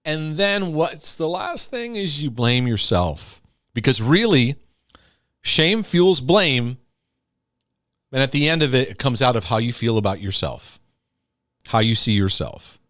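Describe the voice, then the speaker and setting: A man's voice: mid-range voice, very animated, a little slow, a bit bright, dry recording, studio quality. A man giving an earnest, emphatic teaching talk on healing, sometimes acting out scolding parents. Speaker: Christian teacher and speaker.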